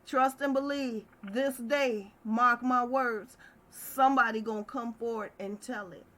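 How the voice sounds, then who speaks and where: A woman's voice: on the high side, unhurried, sharp tone. A middle-aged woman hosting a casual chat stream, talking in a passionate, heated way. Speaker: livestream host.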